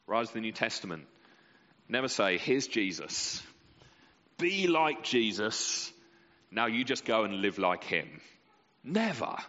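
A man preaching with passion, his voice leaping high and dropping low as he builds and releases each point. His words ring out with a long reverb through a large church hall. The sound is slightly muffled. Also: sing-song, moderate pace, sharp tone. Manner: impassioned, with sweeping rises and drops in pitch and volume. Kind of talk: sermon.

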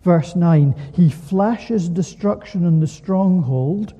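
A man preaching a sermon in an animated way, full of rhetorical questions, in a church. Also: sits high, slow, big-room sound.

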